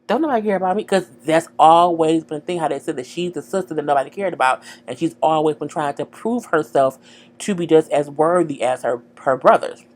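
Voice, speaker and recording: A woman casually recapping a TV episode, slangy and animated, talking straight to her viewers. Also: deep voice, brisk. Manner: animated, slangy, acts out dialogue, chats to viewers. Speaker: TV show recapper.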